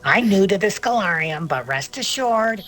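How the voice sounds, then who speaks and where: A woman doing a nerdy, bookish male scholar, reading out game text in a precise, hushed, drawn-out manner over faint music. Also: medium pitch, expressive, pitched above the performer's own voice. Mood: fussy.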